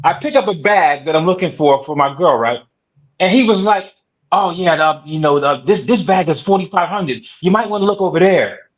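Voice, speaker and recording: A man, a guest telling a lively story on a casual talk show and acting out the voices in it. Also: high voice, normal speed, rough recording.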